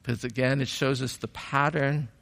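A man preaching a sermon as pastor, reflective and measured, rising to fervent emphasis on key points. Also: medium pitch, fairly even intonation, vocal fry, a bit bright, long reverb tail.

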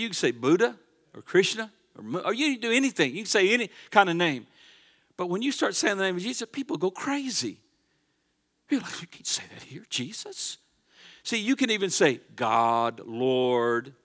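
A male pastor preaching a sermon in a church, swinging between loud urging and hushed asides. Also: a little high. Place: church sanctuary.

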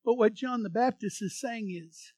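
High-voiced male pastor preaching. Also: normal speed, no echo. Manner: animated, acts out voices from the story and leads the congregation in repeating phrases. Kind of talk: sermon.

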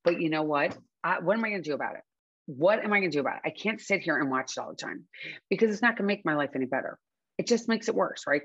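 A woman talks frankly and warmly about finding happiness, circling back to repeat her points and dropping the odd swear word. Her voice comes through a dull, lo-fi recording. The sound is dry, with no room echo. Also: low-pitched. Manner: earnest, chatty, frank, swears casually, repeats points for emphasis. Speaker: recovery speaker sharing advice. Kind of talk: casual motivational talk to camera.

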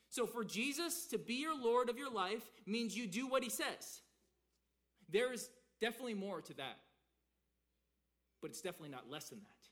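A young man delivers a sermon. His voice sits high, and he talks animatedly, repeating words and acting out quotes. He swings between loud, emphatic moments and quick, quiet asides. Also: animated. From American South. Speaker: pastor.

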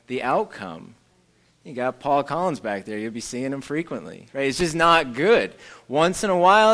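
A man's voice: mid-range voice, a bit bright. A man giving a casual, conversational church teaching with jokes and asides.

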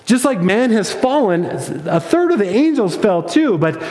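High-voiced pastor preaching in an echoing hall. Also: male voice, very animated, a little slow, darkish tone. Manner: conversational preaching with frequent restarts. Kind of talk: sermon. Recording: echoey hall with long reverb.

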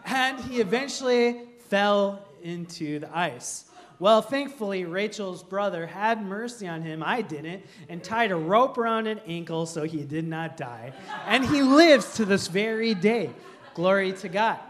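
A man's voice: high voice, animated, unhurried. A young man from Minnesota preaching a sermon, telling humorous stories and laughing through them. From Minnesota, USA. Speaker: pastor. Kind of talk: storytelling sermon.

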